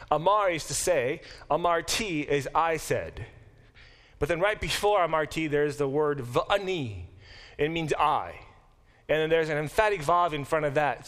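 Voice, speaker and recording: A male professor lectures in a classroom, his somewhat high voice jumping up and dropping back down as he explains. He talks in an animated, self-deprecating way, with restarts and quick asides. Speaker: professor teaching a Bible class.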